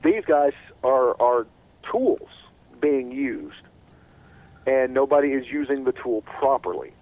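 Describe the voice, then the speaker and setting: A man's voice: mid-range voice, takes it slowly, poor audio. A man hosting a casual sports radio talk show, rambling and full of restarts. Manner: animated and rambling, with many restarts.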